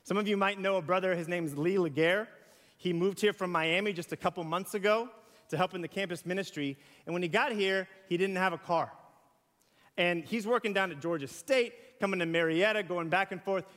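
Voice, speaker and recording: A man's voice: high voice, a little fast, fairly bright tone. A man preaching a sermon in a conversational way, with rhetorical questions and acted-out everyday examples. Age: young adult to middle-aged. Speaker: pastor. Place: church sanctuary. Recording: hall reverb.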